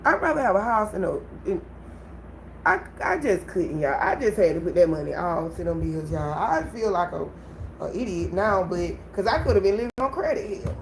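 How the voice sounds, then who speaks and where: A woman hosting her own livestream, telling a personal story in an animated way and talking straight to her viewers. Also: lowish voice, normal speed, slight background noise, low-quality recording. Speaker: livestream host. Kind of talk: casual livestream venting.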